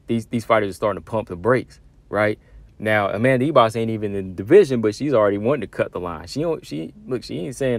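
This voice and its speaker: Low-voiced man giving casual fight commentary. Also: a little fast, no room sound. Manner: conversational, many fillers and asides. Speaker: MMA commentary host.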